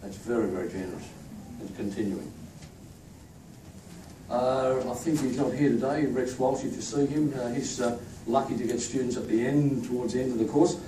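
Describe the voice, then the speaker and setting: A man's voice: mid-range voice, normal speed, dark tone. A man gives a chatty, joking speech at a staff event, introducing team members to a crowd. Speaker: institute leader presenting staff. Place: echoey event room with a crowd. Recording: echoey room, distant mic, crowd noise.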